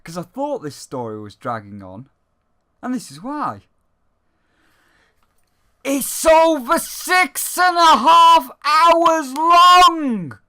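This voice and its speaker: A man's voice: very high voice, big pitch swings, slow, long pauses, pushed and bright. A man ranting sarcastically and profanely in a game review.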